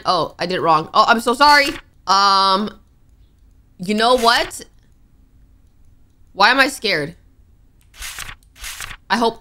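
A young woman streamer with a high, pushed, bright voice does let's play commentary on a horror game. She's jumpy and nervous, gasping and adding worried asides as she narrates her play.

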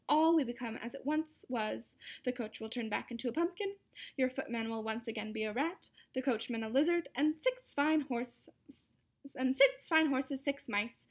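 Woman doing a sweet fairy godmother from a storybook, higher voice, calm and a bit bossy in a kind way. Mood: warning. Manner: calm, instructive, gently commanding.

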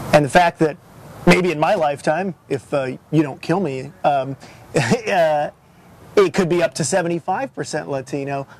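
A man's voice: a little high, vocal fry, a little mellow, a little hiss or hum. Wry man joking over lunch. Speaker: magazine editor and gallerist. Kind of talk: casual lunch conversation. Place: restaurant.

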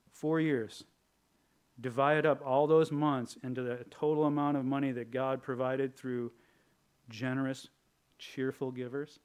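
A male pastor preaching a sermon with humor, switching between lively bursts and quiet, earnest stretches. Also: medium pitch, moderate pace, clear, resonant tone. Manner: animated and humorous, acting out prayers in a raised voice; drops to a quiet, earnest tone for serious points.

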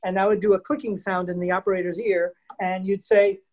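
A man's voice: sits high, flat delivery, fairly quick, hardly any pauses. Chatty man presenting a history lesson. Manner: chatty, laughs often, asks the audience questions. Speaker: museum program presenter. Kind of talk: lively virtual lesson for kids and families. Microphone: video call.

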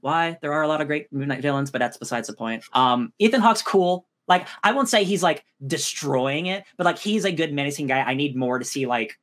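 A man co-hosting a podcast, reviewing a show in casual chat, talking quickly with lots of fillers and quick mock voices. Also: a little high. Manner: fast, animated, filler-heavy, drops into mock voices. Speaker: podcast co-host.

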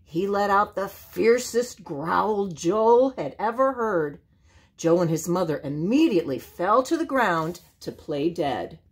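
An older woman reading a children's picture book aloud, slow and expressive. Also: medium pitch, breathy edge. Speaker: storyteller. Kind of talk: children's storybook read-aloud.

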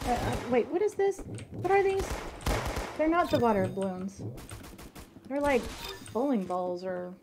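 A woman streamer chatting casually through a game, excitable and talkative with bursts of exclamations. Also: fairly high pitch, measured pace, pauses often, background noise. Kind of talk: casual gameplay commentary. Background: clear music and game gunfire.

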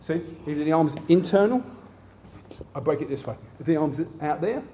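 A man's voice: fairly high pitch, animated, moderate pace, warm tone, slight background noise. A man instructing a martial arts seminar, demonstrating moves in punchy bursts and checking in with "yeah?" after each point.

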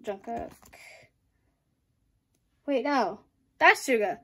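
Excitable high-voiced young woman vlogger. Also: measured pace, long pauses. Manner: excitable, gushing, giggly. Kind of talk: casual unboxing vlog.

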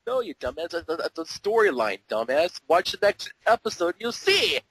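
A man hosting a casual podcast chat, jokey and laughing along with quick asides. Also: high voice, sing-song, a bit bright, slightly rough, dry recording. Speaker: podcast host.

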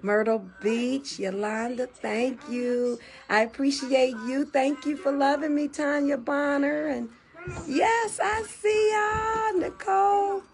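A woman's voice: sits high, steady tone, slow, darkish tone. A middle-aged woman on a phone livestream, emotionally thanking viewers by name in a casual, gushing way. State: teary. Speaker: gospel singer on a livestream.

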